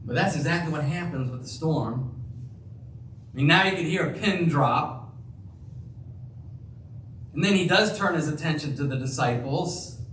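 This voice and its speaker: A man preaching a sermon as pastor, slow and emphatic, acting out the quoted lines. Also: on the high side, a bit bright, slight background noise. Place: church. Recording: roomy, distant church sound with faint ambience.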